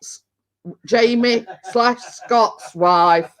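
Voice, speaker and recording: A woman's voice: fairly high pitch, extremely slow, a bit bright. A woman hosting a casual chat stream from home, telling rambling anecdotes and laughing often. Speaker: host of a live chat stream. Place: at home indoors.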